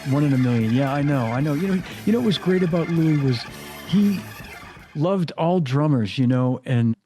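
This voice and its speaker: A man's voice: on the high side, expressive, moderate pace, dark tone, faint music behind. A man hosting a casual podcast interview, answering with short agreements and recalling a fellow drummer. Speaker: podcast host.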